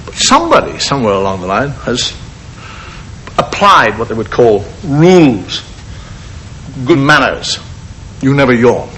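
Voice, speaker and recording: A middle-aged man doing a relaxed stand-up monologue on stage, acting out gestures and noises as he talks. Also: mid-range voice, unhurried, pauses often, poor audio. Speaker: stand-up comedian. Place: stage before a live audience. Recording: vintage TV broadcast with audience noise and hiss. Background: audience laughter.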